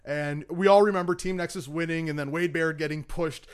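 A man co-hosting a casual podcast chat, telling stories with animated acted-out quotes. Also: a little high, fairly quick, smooth. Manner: animated storyteller, acts out quotes. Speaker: podcast co-host.

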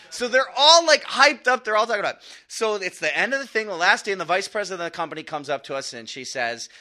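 A man's voice: sits high, big pitch swings, fairly quick, bright, forceful tone. A man doing stand-up comedy, telling a long story in a loose, conversational way with a bit of swearing. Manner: conversational, profane, chuckles through his own story.

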